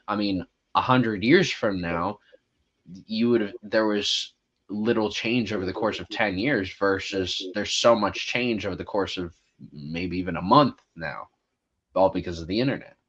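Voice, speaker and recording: Deep-voiced man rambling casually. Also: measured pace, a bit bright, dull audio. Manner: rambling with many fillers. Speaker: podcast co-host. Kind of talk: casual movie discussion.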